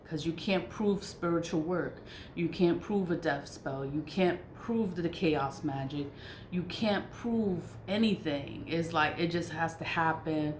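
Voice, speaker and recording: A woman with a low, grounded voice talks through her spiritual routines in a frank, emphatic way, laughing often and swearing in asides. The room echoes around her, with a faint hiss underneath. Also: darkish tone. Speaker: spiritual vlogger. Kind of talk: casual spiritual monologue.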